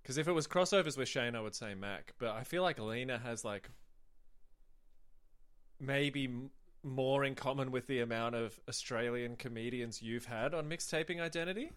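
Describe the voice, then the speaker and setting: A man's voice: mid-range voice, moderate pace, a bit bright. A man who is a guest on a podcast, making dry, sarcastic jokes in casual chat.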